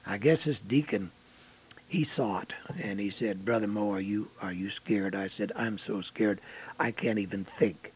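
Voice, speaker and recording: Slow husky older preacher. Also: male voice, lowish voice. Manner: folksy, exclamatory, swings from loud to hushed. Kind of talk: expository sermon. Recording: dull lo-fi sound.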